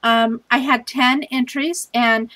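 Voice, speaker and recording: A woman's voice: fairly high pitch, steady tone, slow pace, sharp tone, rough recording. A tired woman hosting a scrapbooking challenge vlog, chatting in a casual, scattered, self-deprecating way at home.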